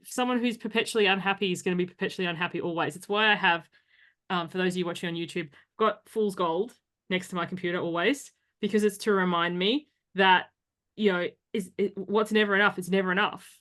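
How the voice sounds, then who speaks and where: A woman hosting a podcast interview, talking casually with quick asides and frequent laughter. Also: on the low side, steady tone, fairly bright tone. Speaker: podcast host.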